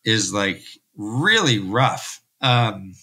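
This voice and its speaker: A man hosting a podcast, recapping a story in an animated, rambling, jokey way. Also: lowish voice, very slow. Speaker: podcast host.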